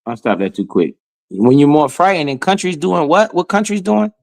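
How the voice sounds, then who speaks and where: Guy ranting on stream, aave, heckles a lot, kinda high voice, dry close mic. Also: normal speed, vocal fry, no echo. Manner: animated, heckling, swears and laughs often. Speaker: finance streamer. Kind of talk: casual commentary over a played clip.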